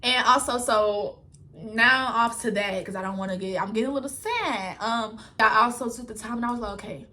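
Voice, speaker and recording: A young woman vlogger tells a personal story candidly and unscripted, speaking at normal speed straight to viewers she calls y'all. Her voice is a little high, bright, and tense, and her manner loose, rambling, and colloquial.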